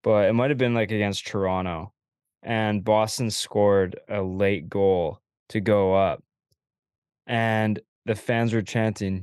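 Man, lowish voice, dry close sound, relaxed, agreeable, podcast host, casual hockey talk. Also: slow pace, clear, resonant tone, no room sound. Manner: relaxed, agreeable, laughs often, hands off questions.

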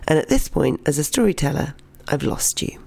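A young adult storytelling teacher narrates a personal anecdote and then draws its lesson, speaking fairly quickly in a mid-range voice with a gravelly fry. The delivery is expressive and often drops to a soft whisper, recorded close and dry with no room sound.

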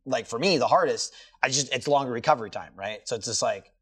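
A man's voice: mid-range voice, fast talker, fairly bright tone, husky. Casual swearing podcast host man. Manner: swears freely, loose rambling explanations. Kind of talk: casual chat.

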